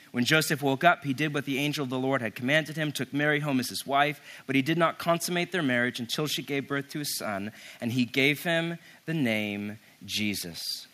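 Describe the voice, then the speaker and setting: A man preaching a sermon as pastor, reading scripture and explaining it in a conversational way, with quick asides to the listeners. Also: medium pitch, fairly bright tone. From United States. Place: conference hall with an audience.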